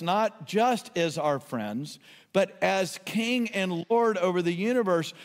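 A man's voice: high voice, long reverb tail. A man preaching a sermon as a pastor, impassioned, pleading and exclaiming to his listeners.

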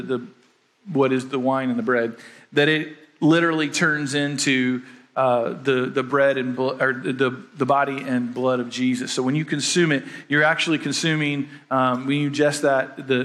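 A man's voice: mid-range voice, fairly bright tone. A pastor preaching a conversational sermon, often restarting his phrases.

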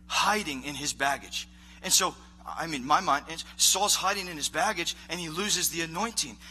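A man preaching a casual, animated sermon as a youth pastor, acting out voices of characters. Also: on the high side, a little slow, a little hiss or hum.

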